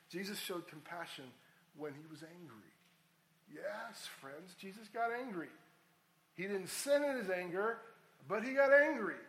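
A man's voice: on the high side, fairly bright tone, slight background noise, rough recording. A middle-aged man preaching a sermon as pastor, reading scripture aloud and building to emphatic peaks.

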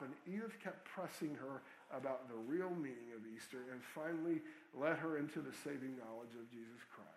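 Man, pastor, sermon storytelling, earnest, slightly high voice, echoey church.

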